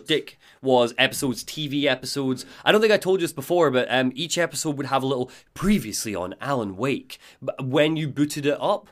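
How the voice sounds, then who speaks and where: A man's voice: mid-range voice, fairly quick. A man hosting a casual podcast, recapping video game lore and reading out quotes in different voices. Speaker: podcast host.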